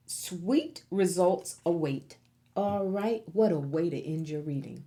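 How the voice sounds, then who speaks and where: A woman's voice: lowish voice, animated, slow pace, dark tone. A woman giving a pick-a-card tarot reading to viewers, encouraging and emphatic, repeating key words for effect. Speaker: tarot reader.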